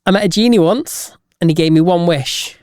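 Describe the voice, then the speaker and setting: A man co-hosting a casual podcast, telling jokes deliberately and chuckling at his own punchlines. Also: sits high, darkish tone, dry recording, clean studio sound. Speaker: podcast co-host.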